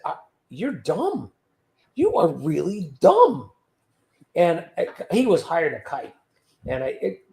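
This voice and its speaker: A man's voice: a little high, gravelly, a little mellow. A man hosting a livestream, chatting in a rambling way with many fillers and chuckles. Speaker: livestream host. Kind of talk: casual livestream chat. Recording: roomy echo.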